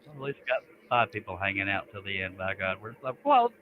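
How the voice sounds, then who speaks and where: Man, live stream host, casual workshop chat, jokey self-talk, lively pitch. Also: brisk, lo-fi sound, a little hiss or hum. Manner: joking, talks to himself while working. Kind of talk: casual chat while woodworking.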